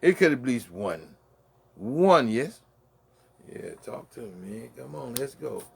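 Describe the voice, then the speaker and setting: A man's voice: medium pitch, very animated, slow pace, creaky, a little mellow, slightly rough. A man with a Brooklyn accent hosting a late-night solo rant from his man cave, full of boastful, profane trash talk. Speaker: host.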